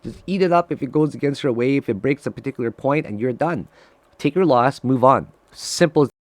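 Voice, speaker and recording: A man giving live trading commentary to his viewers, excitable and profane, swinging from loud frustrated outbursts to low muttering. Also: fairly quick, no room sound. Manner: talks straight to viewers, calling them guys. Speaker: day trader streaming live trades.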